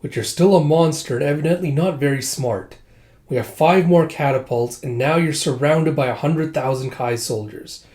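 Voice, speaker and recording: A man's voice: a little high, moderate pace, a little mellow, echoey room, natural voice. A man voicing a smug, cruel male enemy general from a manga, reading his lines in a mocking, boastful way.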